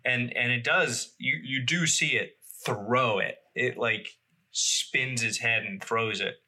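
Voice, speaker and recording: Man, podcast co-host, very bright tone, casual chat, reads facts aloud with fillers. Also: mid-range voice, slow pace. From Boston area.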